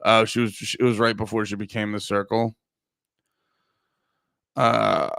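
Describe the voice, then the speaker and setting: A man's voice: lowish voice, little pitch movement, measured pace, creaky, long pauses, fairly bright tone, dry recording, clean studio sound. A man in his thirties from the United States, hosting a casual livestream chat in a rambling, profane way with lots of fillers. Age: 30s. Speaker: livestream host.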